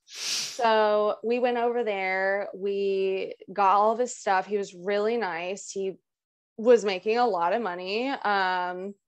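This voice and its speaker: A young adult woman guest telling a story in a casual, animated way, full of fillers and acted-out quotes. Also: medium pitch, slow. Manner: animated, lots of "like" and laughs, acts out quotes. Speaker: guest musician.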